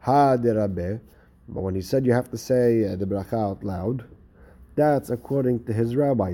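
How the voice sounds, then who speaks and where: Mellow-voiced man teaching Talmud. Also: mid-range voice. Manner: reads Aramaic text quickly, then explains in English with many "uh"s and restarts. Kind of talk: Talmud lesson, reading and translating.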